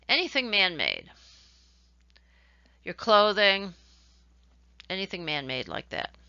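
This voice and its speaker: A woman's voice: mid-range voice, bright, forceful tone, smooth, dry recording. Woman lecturing in a dry, dull recording. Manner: explanatory, demonstrating examples with varied emphasis. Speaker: instructor.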